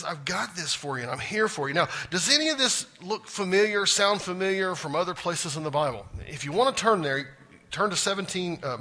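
Teaching a Bible class in a church classroom, a man speaks in a high-pitched, pushed, bright voice. His style is folksy and drawling, and he frequently stops to ask the class questions.

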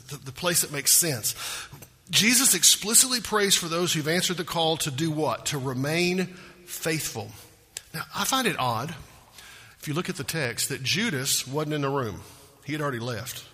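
A man's voice: fairly high pitch, sharp tone, husky, big-room sound. A man preaching a sermon, earnest and emphatic, asking rhetorical questions. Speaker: pastor.

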